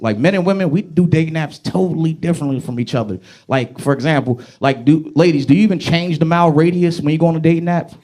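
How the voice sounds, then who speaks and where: A man's voice: on the high side, steady tone, fast talker, hardly any pauses, warm tone. A male stand-up comedian telling dating stories and acting out people. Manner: storytelling, acts out people.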